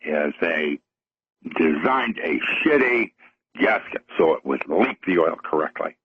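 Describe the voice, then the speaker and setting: A man's voice: a bass voice, animated, measured pace, slightly rough, dull audio. An older man, a guest on a radio show, calling in by phone and talking enthusiastically and in technical detail, with frequent fillers and chuckles.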